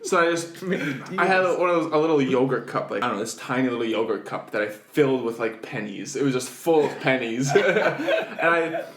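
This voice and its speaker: Animated young man telling stories in an echoey room. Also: a little fast, few pauses. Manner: animated storyteller, jumps high when laughing. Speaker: podcast co-host. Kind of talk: casual chat.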